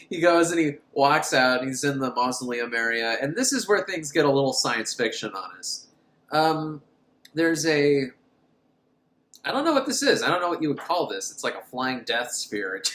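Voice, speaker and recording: A man's voice: medium pitch, animated, moderate pace, fairly bright tone, roomy sound. Sarcastic man recapping a film. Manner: sarcastic, joking, laughing often. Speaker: podcast host.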